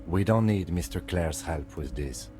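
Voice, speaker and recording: A man voicing a calm, stern police lieutenant in a game who speaks curtly. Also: low voice, measured pace, soft background music. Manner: curt and composed.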